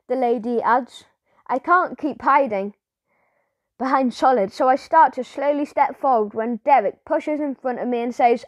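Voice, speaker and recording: A woman narrating a children's audiobook as lively first-person storytelling. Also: high voice, moderate pace, dry recording.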